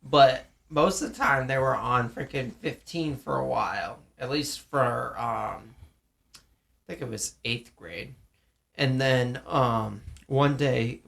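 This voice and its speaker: A man's voice: medium pitch, vocal fry, a bit bright. A young man co-hosting a casual chat, telling profane, rambling school stories and acting out what people said. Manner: profane, rambling, acts out quotes. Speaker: podcast co-host.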